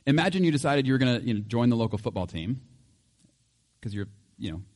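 A male pastor with a medium-pitched, slightly mellow voice talks fast and expressively, and a long reverb tail trails his words. His sermon is conversational and easygoing, with frequent chuckles and homely, everyday examples.

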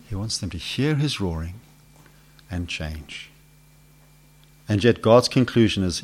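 A man preaching a sermon who asks the congregation questions and swings between loud build-ups and hushed lines. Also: fairly low pitch, lively intonation, unhurried, long pauses.

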